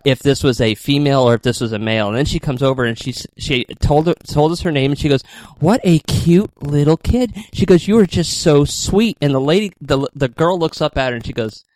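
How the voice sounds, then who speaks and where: A man's voice: mid-range voice, fast talker, hardly any pauses, a little hiss or hum. A man hosting a radio chat, telling rambling funny stories and laughing often.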